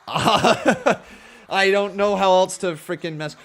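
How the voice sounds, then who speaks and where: A man from Ontario with a Canadian accent, hosting a live watch-along and chatting with viewers. He is excitable, laughs often and whoops loudly when donations come in. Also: high-pitched, takes it slowly. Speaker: live stream host.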